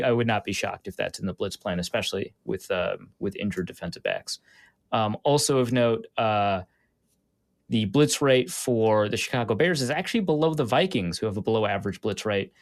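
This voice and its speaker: A man's voice: lowish voice, no room sound. A man hosting a casual football podcast, walking through stats with frequent "uh" and "um" fillers. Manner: stat-heavy, many "uh" and "um" fillers. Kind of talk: casual football analysis chat.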